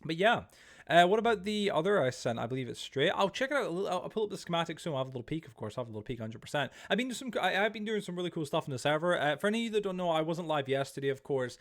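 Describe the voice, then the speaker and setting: A man's voice: on the high side, very animated, very fast. A young man chatting casually on a live stream, greeting chat and rambling with many restarts.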